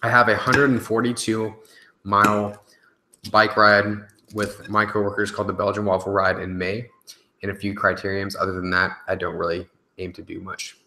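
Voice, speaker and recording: Young man, deep voice, bright forceful tone, casual live stream chat, loose and profane, echoey room. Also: level tone, normal speed, a little hiss or hum. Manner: loose and chatty, with fillers and swearing. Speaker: YouTuber answering live stream questions.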